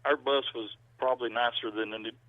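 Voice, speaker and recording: A man's voice: medium pitch, fairly even intonation, fast talker, no room sound. Folksy man on a tinny landline. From Georgia, US. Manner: folksy, rambling storyteller. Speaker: musician guest. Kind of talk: casual phone interview. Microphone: landline telephone. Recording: dry, tinny phone line.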